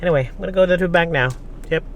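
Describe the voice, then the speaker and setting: A man's voice: a little high, racing. A man from the Philippines talking casually to camera in a vlog, rambling with many fillers and breaking into angry swearing rants. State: headache, migraine. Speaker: vlogger. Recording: noisy street and traffic behind.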